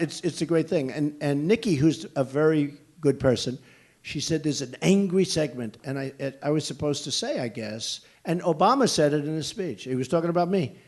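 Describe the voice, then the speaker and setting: An older man on the stump at a rally, hammering his points with blunt repetition. He talks conversationally, wandering into asides before circling back. His voice sits slightly high for a man. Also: vocal fry, darkish tone. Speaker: political candidate. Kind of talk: campaign rally speech answering questions.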